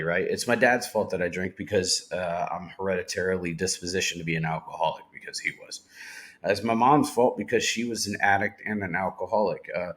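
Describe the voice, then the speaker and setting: A man's voice: deep voice, fairly bright tone. A man recounting his recovery story to a podcast host, speaking candidly and swearing freely as he quotes what people said. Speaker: podcast guest. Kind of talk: personal recovery testimony.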